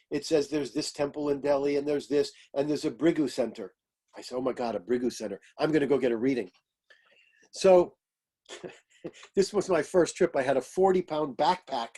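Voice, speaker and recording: An older man, an astrologer and author, telling lively stories in an interview and acting out the voices of people he quotes. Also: fairly high pitch. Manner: animated anecdotes, acting out quoted voices, laughing. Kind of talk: storytelling interview.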